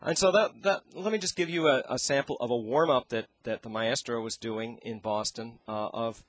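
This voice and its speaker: A man teaching singing as an interview guest, talking in a halting way and searching for his words into a handheld microphone. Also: medium pitch. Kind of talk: explaining with sung demonstrations.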